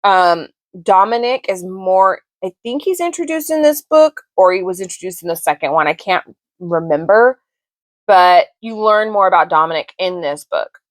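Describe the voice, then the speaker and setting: A woman's voice: mid-range voice, expressive, moderate pace, no room sound. A woman in her thirties, a book vlogger, chatting casually and effusively about what she read. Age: 30s. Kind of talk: casual book review chat.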